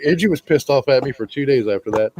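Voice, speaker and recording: A man co-hosting a casual podcast, telling a relaxed story. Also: mid-range voice, fast, crowd noise. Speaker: podcast co-host. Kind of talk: casual chat.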